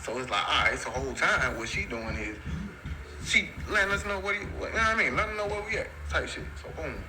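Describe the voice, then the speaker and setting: A man's voice: lively intonation, fast talker, music in the background, poor audio. A man telling a long personal story in a casual, slangy, rambling way. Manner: slangy, rambling, repeats "so boom".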